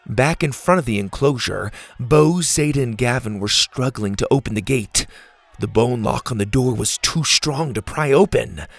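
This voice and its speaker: A man narrating a children's adventure story, with lively reading that jumps up loud and high for the characters' shouts. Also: normal speed, creaky, dry recording.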